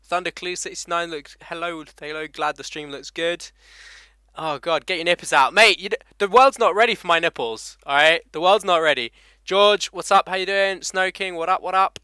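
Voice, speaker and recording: A man's voice: sits high, normal speed, bright, forceful tone, clean tone, no echo. A young man with an English accent hosting a casual motorcycle live stream, swearing freely and laughing as he greets viewers by name. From England. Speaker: motovlogger host.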